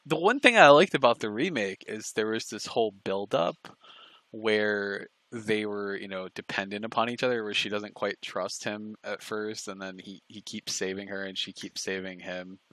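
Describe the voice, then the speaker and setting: A man in casual chat on a live stream, rambling and halting with restarts and fillers. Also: lowish voice, fairly bright tone, dry recording. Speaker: stream co-host.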